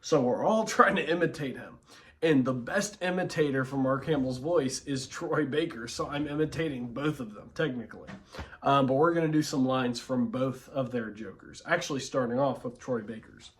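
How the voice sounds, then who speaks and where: A man with a hoarse, sore voice, chatting casually to camera in a relaxed, rambling way between voice impressions. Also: medium pitch, moderate pace.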